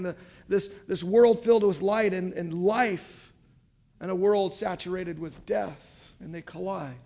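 A man with a notably high voice preaches a sermon. He reads a passage aloud, then retells it in expressive storytelling, often turning to his listeners with asides. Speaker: pastor.

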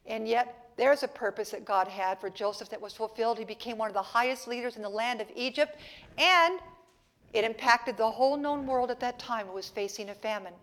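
In church, a woman pastor delivers a sermon, moving between quiet, playful asides to the congregation and loud, forceful passages. Her voice is fairly high and her pace fairly quick.

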